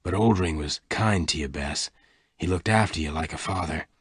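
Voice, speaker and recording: A man voicing Lassiter, a gruff older gunman, speaking low, quiet and gentle. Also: normal speed, no room sound, clean studio sound.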